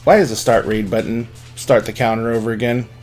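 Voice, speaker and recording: A man's voice: mid-range voice, fairly even intonation, a little fast, darkish tone, faint music behind. A man hosting a live stream, wrapping up with an upbeat, rambling sign-off full of fillers. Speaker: stream host.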